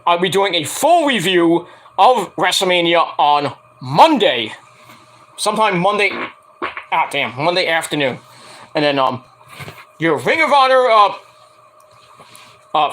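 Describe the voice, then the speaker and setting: A man with a high, bright and somewhat tense voice talks casually to camera. He rambles loosely, swears often and leans on fillers as he runs through his plans. The delivery is loose, unscripted vlog chat. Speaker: wrestling review vlogger.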